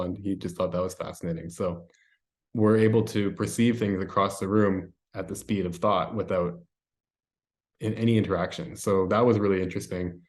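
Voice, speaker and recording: A man's voice: low-pitched, steady tone, a little fast, a little mellow. A man as an interview guest, recounting an experience in a rambling, casual way with many fillers. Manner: rambling, filler-heavy storytelling.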